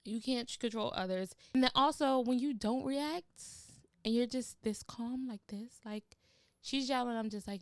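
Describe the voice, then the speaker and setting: Woman podcaster, chatty and slangy, gravelly but smooth voice, dry sound. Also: fairly high pitch, a little slow, no echo. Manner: animated storytelling with slang. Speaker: podcast host. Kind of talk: casual podcast monologue.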